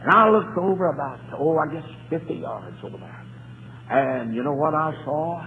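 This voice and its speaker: A man preaching a fervent revival sermon who swings between quiet talk and shouting and often says "uh" between phrases. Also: a little high, normal speed, creaky. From North Carolina. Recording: tinny lo-fi recording with faint hiss.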